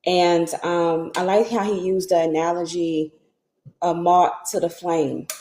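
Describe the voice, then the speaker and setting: A woman's voice: fairly low pitch, level tone, unhurried, warm tone, echoey room. A woman in a reading group sharing her thoughts earnestly over a Bluetooth headset, often checking whether she is understood. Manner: earnest, asks "you know what I'm saying?". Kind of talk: casual group discussion over a call.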